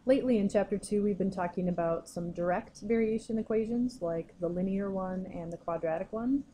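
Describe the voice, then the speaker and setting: Woman math teacher, patient explainer, mellow tone, faint hiss behind. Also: mid-range voice, fairly quick, rough recording. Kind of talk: recorded classroom lesson.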